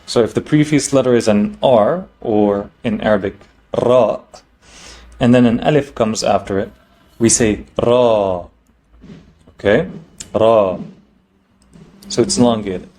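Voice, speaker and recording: A man teaching a language lesson, explaining each letter patiently, checking in with "okay?" and slowing down to model the sounds. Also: mid-range voice, a little mellow, a little hiss or hum. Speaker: Arabic teacher.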